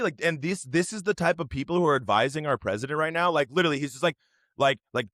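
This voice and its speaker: A man's voice: mid-range voice, lively intonation, fast, fairly bright tone, dry recording, studio quality. A man hosting a podcast, ranting in casual chat with lots of filler words and swearing. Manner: rambling, profane, heavy use of "like". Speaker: podcast host.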